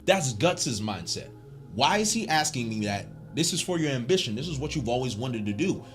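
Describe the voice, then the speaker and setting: A man hosting a casual video essay, animated and joking in slangy speech. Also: medium pitch, moderate pace, soft background music.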